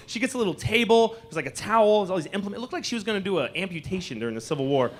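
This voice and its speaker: A man in his forties doing a stand-up comedy set in a club, animated and acting out people with shouted asides. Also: high voice, quick pace, hardly any pauses. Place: comedy club stage before a live audience.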